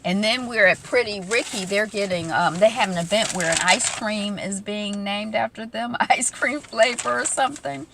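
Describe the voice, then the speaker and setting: A woman's voice: medium pitch, moderate pace, creaky, hardly any pauses, a bit bright, a little hiss or hum. A young adult woman casually retelling a reality show episode, acting out quotes with lots of ums and asides. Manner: chatty, acts out quotes, many ums. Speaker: recap vlogger. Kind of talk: casual TV recap chat.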